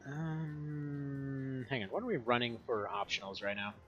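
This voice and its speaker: Soft background music plays as a man with a medium-pitched, fairly bright voice talks a little slowly while streaming a game from home. His mic is slightly muffled, and as a gaming streamer he gives casual, rambly gameplay commentary, laughing frequently.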